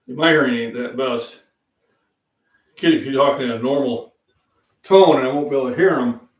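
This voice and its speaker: This is a casual live-stream chat from a home kitchen, where an older male fitness channel host cooks and rambles folksily straight to his viewers. His voice sits in the mid-range at a normal speed, recorded off-mic in a roomy space.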